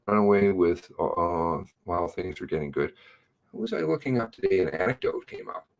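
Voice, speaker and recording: A man's voice: deep voice, very animated, normal speed, creaky. A man hosting a casual livestream, greeting viewers by name and reading chat with a sardonic drawl.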